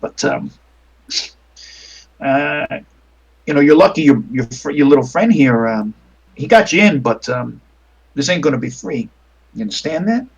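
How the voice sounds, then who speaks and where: A man voicing a smooth-talking gangster with gold teeth in a tabletop game. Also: a little high, expressive, unhurried, pauses often, muffled recording, exaggerated voice.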